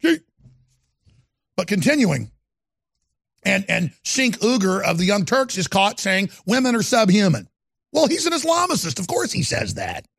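A middle-aged man hosting a talk show, ranting about politics with sneering, loud bursts of emphasis. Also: big pitch swings, vocal fry, breathy edge, no echo, studio quality. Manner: fast product pitching.

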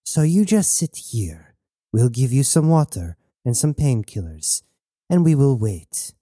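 A man's voice: medium pitch, big pitch swings, a little slow, warm tone, no room sound, studio quality. A man doing a cold resolute mother. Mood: grim. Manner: firm, controlled. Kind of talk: audiobook narration.

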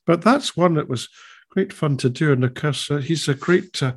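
An older man, chatting as a guest in a rambling, animated way. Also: on the high side, moderate pace, breathy edge. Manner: rambling, animated, slips into voices. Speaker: guest impressionist. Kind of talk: casual interview chat.

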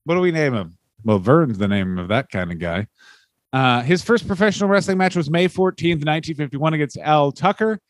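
A man's voice: fairly high pitch, expressive, fairly quick, dry recording. A man from Canada co-hosting a podcast, riffing profanely in casual comedic chat and acting out the people he describes. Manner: riffing, profane, mock-acts quoted people. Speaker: podcast co-host.

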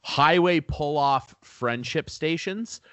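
A man's voice: a little high, slow, a bit bright, dry recording. A man from Canada telling a driving story in casual chat, ranting and swearing freely.

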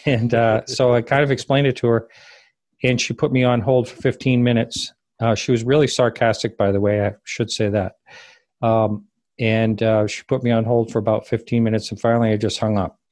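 A man of mid pitch tells a story in a halting, rambling way, often stopping to correct himself. The recording is dry and close, with no room sound around his voice. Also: level tone, a little mellow, no room sound. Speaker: interview guest. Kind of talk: casual spoken recollection.

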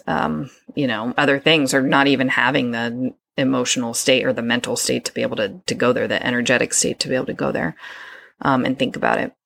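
A woman's voice: extremely low pitch, gravelly, fairly bright tone, no echo. A woman hosting a solo podcast, talking conversationally with fillers and restarts. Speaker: podcast host.

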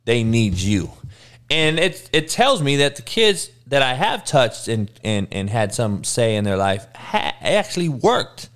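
A man's voice: mid-range voice, big pitch swings, unhurried, few pauses, a bit bright. A man hosting a show and ranting in a casual, comedic, heavily profane and emphatic way. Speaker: podcast host and coach.

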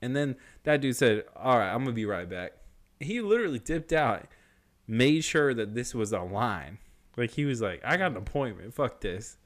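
A young man telling a story in casual chat, slangy, swearing a lot and animated. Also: medium pitch, normal speed.

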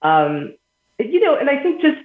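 Very animated, with a high voice and a measured pace, a woman guest on a podcast explains earnestly using everyday examples, breaking into laughter between points. The recording is echoey and phone-quality.

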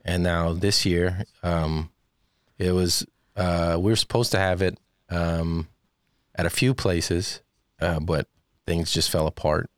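A very deep-voiced man in a casual interview, spinning animated stories and acting out every character he quotes. The sound is dry and close, with no room around it. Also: slow pace, clear, resonant tone, no echo. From Texas. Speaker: stand-up comedian.

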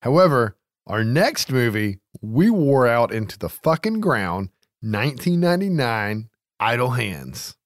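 A man hosting a podcast, chatting casually about films, animated, swearing freely and laughing often. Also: mid-range voice, measured pace, dry recording, studio quality. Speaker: podcast host. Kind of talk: casual movie chat.

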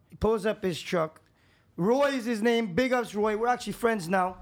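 A man, a podcast guest, telling rambling, profane anecdotes in casual chat, dropping low for asides and getting louder when excited. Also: normal speed. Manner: swings between low asides and raised excitement. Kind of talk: casual storytelling.

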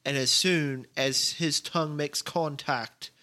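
A man's voice: on the high side, steady tone, takes it slowly, bright, forceful tone. A man doing a British accent as a formal male spy gadget maker. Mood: prim.

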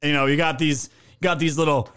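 A male streamer with a fairly high voice rambles through a casual commentary. He swears freely and mocks what he reads, laughing as he goes. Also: fairly even intonation, fairly quick, a bit bright, clean tone. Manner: profane, mocking, laughs often. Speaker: livestream host.

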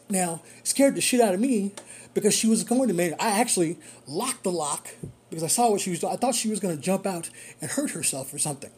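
A rideshare driver telling a story in casual monologue, animated and repeating phrases for emphasis. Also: medium pitch, fast talker, a little hiss or hum.

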